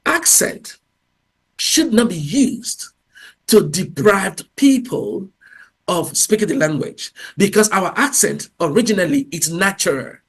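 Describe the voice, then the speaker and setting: A man giving a motivational talk at a university career event, animated, often pausing on fillers and restarting words. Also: high voice, slightly rough. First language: English. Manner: animated, acts out little dialogues in different voices; frequent fillers and self-corrections.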